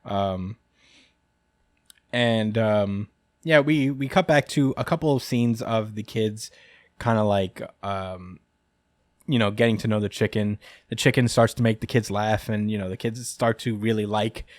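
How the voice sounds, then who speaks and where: A man's voice: lowish voice, fairly even intonation, a little slow, dry recording, studio quality. A man hosting a podcast who recaps a manga chapter in casual chat. He rambles, chuckles often and fills his speech with "uh" and "like.". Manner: rambling and chuckling, many fillers. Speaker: podcast host.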